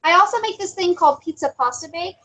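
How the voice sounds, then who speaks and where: A chatty woman with a high-pitched voice, joking about herself in a relaxed group chat. She talks casually to friends in an online hangout. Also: fast. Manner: chatty, self-deprecating, says "y'all". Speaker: hangout participant.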